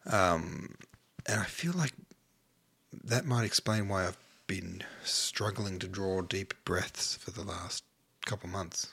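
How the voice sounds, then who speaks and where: Breathy, gravelly man podcasting. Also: low-pitched, slow pace, bright, forceful tone. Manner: rambling, offhand, drops to near-whisper at times. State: short of breath. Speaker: podcast host. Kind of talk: casual solo podcast chat.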